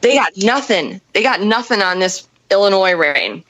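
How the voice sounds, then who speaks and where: A woman's voice: mid-range voice, moderate pace, dull audio. A woman in her thirties telling a wild story casually, swearing and acting out other people's lines. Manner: animated, swearing, acts out voices. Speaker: guest storyteller.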